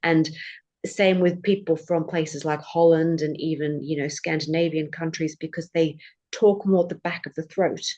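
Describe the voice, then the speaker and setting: Woman, low voice, chatty and thoughtful podcast guest. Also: steady tone, normal speed, dark tone, dull audio. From England. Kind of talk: casual interview chat.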